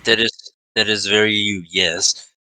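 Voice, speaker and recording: A man with a very bright, sharp voice trades teasing jokes with his friends at the table. His voice sounds dry and close, with no room around it. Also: lowish voice, fairly even intonation, unhurried, smooth, no echo, low-quality recording. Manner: teasing, joking banter. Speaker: player. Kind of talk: casual chat between game sessions.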